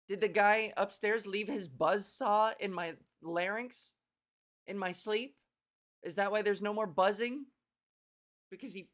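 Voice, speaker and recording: Speaking in a mid-range, slightly bright voice with a buzz to it, a young Canadian podcast host recounts a comic tale casually, putting herself down for laughs, laughing frequently, and acting out rapid exchanges.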